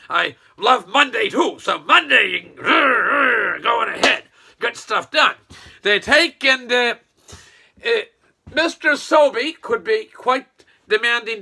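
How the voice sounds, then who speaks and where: A man's voice: high voice, gravelly, pushed and bright. An older man from Nova Scotia, a retired businessman, rambling in a folksy monologue full of restarts and quoted asides.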